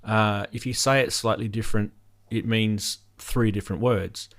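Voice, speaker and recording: Chatty low-voiced Australian man. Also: fairly even intonation, moderate pace. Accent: Australian, light. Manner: rambling, many ums and restarts. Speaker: host. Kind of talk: casual chat on a live stream.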